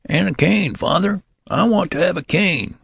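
A querulous old man who grumbles and mocks everyone around him, as a man reads him aloud. His voice is pitched up high, with a gravelly rasp and a husky edge, and it is recorded dry and close. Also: moderate pace, fairly bright tone, no echo, heavily acted. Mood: demanding. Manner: querulous, complaining. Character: cranky, mocking old man dressed as a newborn. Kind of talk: audiobook character voice.

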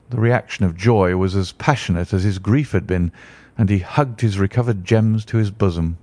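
A man reading a classic story aloud in a steady, unhurried voice. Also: lowish voice, dry recording. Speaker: audiobook narrator. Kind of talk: scripted narration.

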